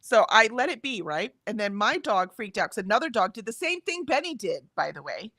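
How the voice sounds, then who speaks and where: A middle-aged woman co-hosting a live stream, chatting casually and telling an animated story full of ums and "right?", acting out the other people's lines as she goes. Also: on the high side, a little fast, dry recording, studio quality. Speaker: co-host of a writing sprint stream. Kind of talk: casual chat.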